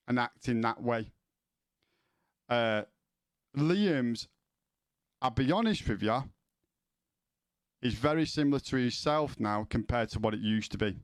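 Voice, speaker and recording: A man's voice: medium pitch, clean tone, dry recording, studio quality. A man streaming, chatting casually with viewers in a rambling way, with many restarts and questions to chat.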